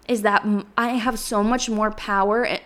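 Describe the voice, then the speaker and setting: A woman's voice: medium pitch, steady tone, normal speed, a bit bright. A woman in her twenties hosting her own podcast, talking earnestly in a rambling way and sounding close to tears. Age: 20s. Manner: earnest, rambling, uses "like" and "literally" often. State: emotional, near tears. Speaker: podcast host. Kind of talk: solo podcast monologue.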